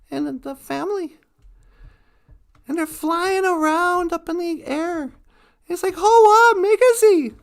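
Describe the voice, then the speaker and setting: A woman telling a children's story casually, loosely and with chuckles, plenty of "uh"s. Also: very high-pitched. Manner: loose, chuckling, with frequent fillers.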